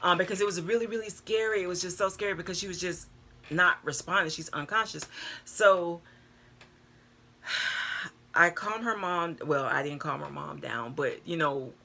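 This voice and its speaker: An older woman, telling a personal story to her viewers in a chatty, animated way, calling them girl and y'all. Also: on the low side, moderate pace, vocal fry. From North Carolina, US. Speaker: vlogger. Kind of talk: casual storytelling to camera.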